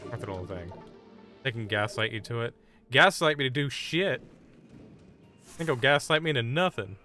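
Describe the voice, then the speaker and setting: A man's voice: mid-range voice, animated, moderate pace, pushed and bright, faint music behind. A man streaming a game live, chatting casually and bluntly brushing off requests from chat. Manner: blunt, dismissive banter with chat.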